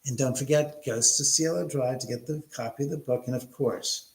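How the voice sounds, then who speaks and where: A man's voice: medium pitch, normal speed, gravelly, a little mellow, echoey room, poor audio. Rambling man hosting a livestream. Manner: rambling, joking, crude banter. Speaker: livestream host. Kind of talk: casual livestream chat with viewers. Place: room in a house.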